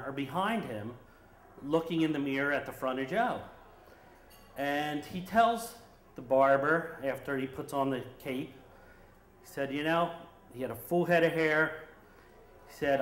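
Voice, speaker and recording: A man telling a personal story on stage at a story slam, animated and lively as he acts out the scenes. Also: fairly high pitch. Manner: lively, animated retelling with acted quotes. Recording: roomy echoing hall.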